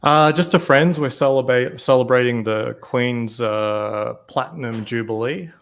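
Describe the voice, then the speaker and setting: A man's voice: medium pitch, fairly bright tone. A man in casual chat, speculating and asking questions. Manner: speculative, questioning, quick asides. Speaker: podcast co-host.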